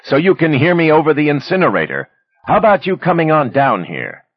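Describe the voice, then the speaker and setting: A man reading aloud as a brutal, middle-aged male security agent, barking threats in a husky, gravel-edged voice that swings wide in pitch. The audiobook recording is slightly muffled and dry. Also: big pitch swings, a little fast, no echo. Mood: yelling. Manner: yelling, threatening, gruff.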